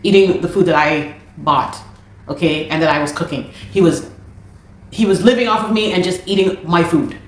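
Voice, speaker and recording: A woman from Canada, a musician, giving an animated and exasperated account of a dispute, with many restarts. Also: lowish voice, normal speed. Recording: very echoey room.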